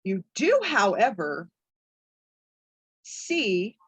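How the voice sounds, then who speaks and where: Slow, halting woman game master. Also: medium pitch, big pitch swings, husky, no echo. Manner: halting, with many fillers. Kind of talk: narrating a tabletop game.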